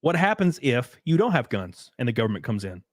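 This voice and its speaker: A man hosting a podcast, chatting casually and reading out viewer comments, blunt and profane, telling stories with animated energy. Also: medium pitch, a little fast, dry recording, clean studio sound. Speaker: podcast host.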